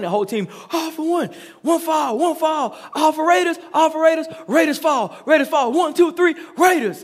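A man's voice: sits high, a bit bright. A middle-aged man preaching a sermon as pastor, reading scripture and then telling stories with chanted, repeated lines and prompts for the congregation to answer. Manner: preaching with call-and-response and chanted repetition. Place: church sanctuary. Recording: long hall reverb.

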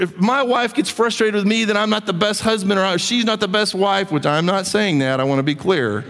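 A man preaching a sermon as a pastor, in an animated, conversational way with joking asides. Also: high-pitched, a little fast, few pauses. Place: church hall. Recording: hall reverb.

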